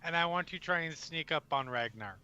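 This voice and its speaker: Bright, crisp-voiced playful man. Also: on the high side, animated, a little fast, lo-fi sound. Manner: playful, hums to himself. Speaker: player. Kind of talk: casual tabletop play.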